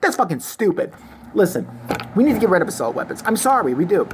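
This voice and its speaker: A woman ranting to the camera, cursing and sneering sarcastically. Her voice sits fairly low but swings widely as she gets heated, with a faint hiss of noise behind her. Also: big pitch swings, fast talker. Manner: angry, crude, sarcastic. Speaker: vlogger. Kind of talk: profane opinion rant to camera.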